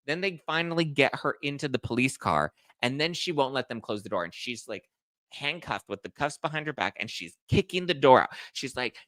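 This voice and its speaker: A man hosting a celebrity gossip commentary show, telling the story in an animated, sarcastic way. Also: mid-range voice, a little fast, no echo. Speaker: host.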